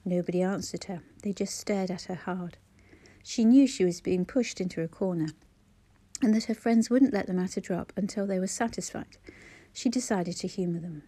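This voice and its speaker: A woman reading a novel aloud in a measured, even storytelling voice. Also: lowish voice, husky. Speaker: audiobook narrator. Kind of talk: scripted narration.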